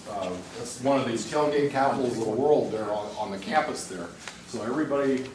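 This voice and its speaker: A man's voice: mid-range voice, noisy background. Congested man speaking far off in an echoey room. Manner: conversational, frequent uh and um, restarts itself. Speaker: rail operations executive giving a briefing. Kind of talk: informal presentation at a public meeting. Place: large meeting room. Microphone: distant room mic.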